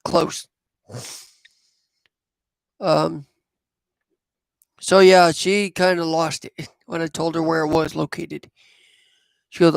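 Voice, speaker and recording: A man, telling a personal story in a rambling, halting way. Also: on the high side, steady tone, gravelly, clear, resonant tone, no echo. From southwest Missouri. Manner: rambling, halting, with many fillers. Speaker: vlogger.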